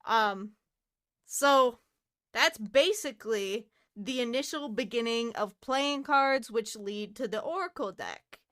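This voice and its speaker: A young woman co-hosts a podcast in a casual chat, laughing often and swearing freely. Her voice is fairly high and fairly bright, her pace slow, and the clean studio sound has no room sound.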